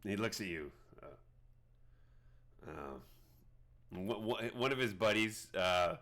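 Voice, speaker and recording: A man narrating as game master for a tabletop game, halting with many fillers. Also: fairly low pitch, animated, fairly bright tone.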